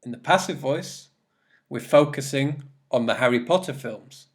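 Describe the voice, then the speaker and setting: A man's voice: mid-range voice, normal speed. A man teaching an English grammar lesson in a recorded presentation, explaining step by step and repeating his examples.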